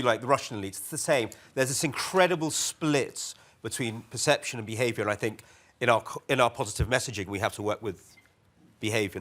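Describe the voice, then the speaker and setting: A man speaking as a panelist at a conference, lively and wry, often quoting others in mock voices. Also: medium pitch. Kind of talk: panel discussion remarks. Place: conference hall.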